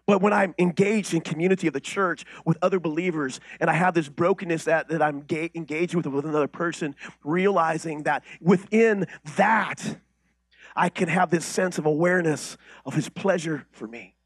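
A male pastor preaching a sermon, shifting between loud declarations and quiet conversational asides, with many rhetorical questions and restarts. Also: a little high, normal speed, husky, no room sound.

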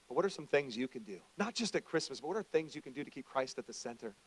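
A middle-aged male pastor giving a conversational sermon, moving between quiet asides and loud emphatic stretches. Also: medium pitch, very animated, fast talker, hardly any pauses, breathy edge, no room sound.

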